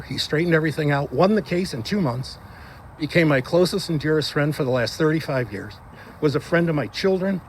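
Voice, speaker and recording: Wry man telling graveside stories, slightly high. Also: slight background noise. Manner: anecdotal, wry, animated quoting of others. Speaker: friend giving a eulogy. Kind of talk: graveside eulogy told as funny stories. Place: outdoor graveside.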